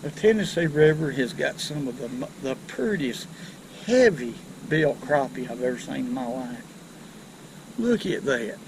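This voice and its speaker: A man hosting a casual fishing vlog from a boat on a river, folksy and excitable as he talks to viewers. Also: medium pitch, a little slow, noisy background. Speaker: fishing channel host.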